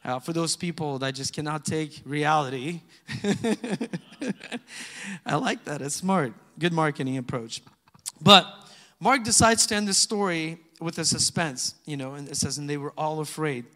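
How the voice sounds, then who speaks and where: A man preaching a sermon, reading scripture loudly and dropping into soft, chatty asides to the congregation. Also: on the high side, moderate pace. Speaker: pastor. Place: church sanctuary. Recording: long hall reverb.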